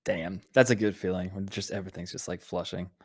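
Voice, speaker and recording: A man's voice: sits low, a little fast, a little mellow. A man co-hosting a podcast in casual chat, laid-back and laughing often as he listens and shares his own stories. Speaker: podcast co-host.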